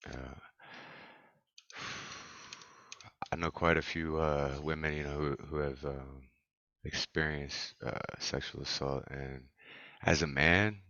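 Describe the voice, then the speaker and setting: A man hosting an online open mic, speaking haltingly with many ums and restarts. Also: very deep voice, fairly even intonation, pushed and bright, dry recording, highs cut off. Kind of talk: casual hosting.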